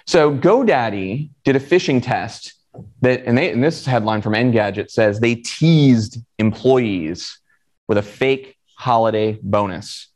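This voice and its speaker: A man's voice: mid-range voice, animated, a little slow, a little mellow. A man from Florida giving a conference talk in a conversational way, asking the audience questions. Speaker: conference speaker.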